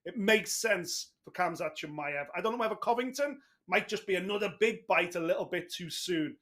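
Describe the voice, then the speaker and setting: A man's voice: high-pitched, normal speed, a bit bright. A man giving chatty, emphatic fight analysis in long, run-on points. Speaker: pundit. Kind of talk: casual studio analysis.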